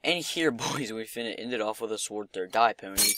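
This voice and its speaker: A man's voice: fairly low pitch, fairly quick, background noise. A young man giving casual gameplay commentary, muttering, swearing and mocking himself. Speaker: gaming commentator.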